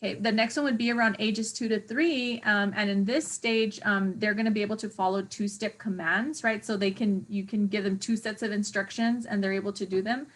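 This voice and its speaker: A woman teaching an exam review lecture, chatty and hesitant, often pausing to search for words with many fillers. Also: mid-range voice, steady tone. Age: adult parent of a young child. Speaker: teacher educator.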